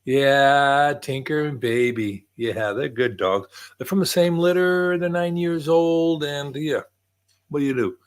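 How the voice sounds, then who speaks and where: A man's voice: fairly high pitch, a little slow. An older man hosting a casual livestream from home, chatting in a rambling way and greeting viewers by name. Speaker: livestream host.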